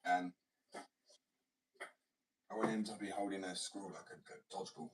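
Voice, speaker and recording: A man's voice: sits low, little pitch movement, moderate pace. A young man rambling casually and swearing, often dropping to a whisper. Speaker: vlogger. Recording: far from mic, faint noise.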